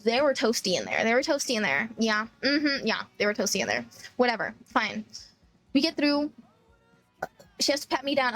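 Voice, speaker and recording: High-voiced woman telling swear-heavy stories. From Texas, USA. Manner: animated, swears a lot, laughs while telling stories. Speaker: streamer. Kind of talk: casual storytelling chat.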